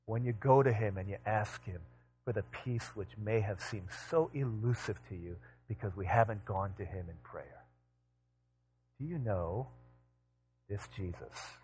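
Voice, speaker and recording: A man preaching a sermon as pastor, building to emphatic repeated questions and dropping low for quieter asides, with a homey story. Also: husky. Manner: tells a homey family anecdote.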